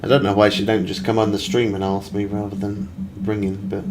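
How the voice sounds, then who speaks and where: Chatty male streamer, low voice, steady hiss behind him. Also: brisk. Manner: rambling, chatty, reads viewer messages aloud. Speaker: game streamer. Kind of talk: casual live-stream chat. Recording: steady background noise.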